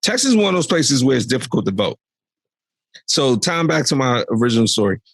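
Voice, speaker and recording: A man's voice: mid-range voice, sing-song, brisk, husky, no room sound. A young adult man co-hosting a podcast, ranting animatedly about politics in exasperated casual commentary. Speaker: podcast co-host.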